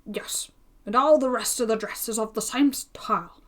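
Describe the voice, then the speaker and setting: A woman's voice: a little high, normal speed, a bit bright, lightly acted. A woman reading aloud and voicing a pompous, gossiping male tailor who talks in a chatty, self-important way full of exclamations.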